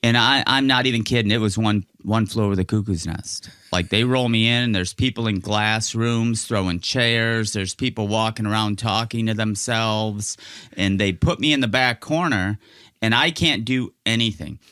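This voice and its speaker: A man with a low voice tells a personal story on a podcast, frank and lively, slipping into the voices of the people in it. The sound is dry and close, with no room around it. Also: normal speed, clear, resonant tone, no echo. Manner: frank, animated storyteller who acts out quotes. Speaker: podcast guest. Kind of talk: candid conversational storytelling.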